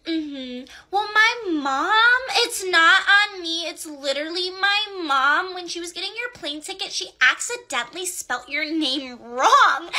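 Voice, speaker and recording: An evasive teenage girl stalls and shifts blame , as a young woman acts her out. The voice is very high and strikingly bright and sharp. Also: exaggerated voice. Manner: hesitant, excuse-making. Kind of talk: comedy sketch acting.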